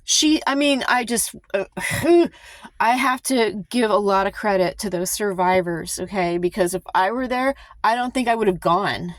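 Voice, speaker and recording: A woman's voice: medium pitch, moderate pace, no room sound. A woman vlogging a heated, emphatic commentary, sighing and restarting her sentences as she talks. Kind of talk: impassioned casual commentary to camera.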